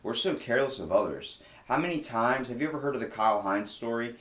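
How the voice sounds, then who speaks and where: A man's voice: medium pitch, lively intonation, fast talker, a bit bright, roomy sound. A man hosting a casual podcast conversation, talking in a heated, emphatic way with plenty of swearing. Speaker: podcast host.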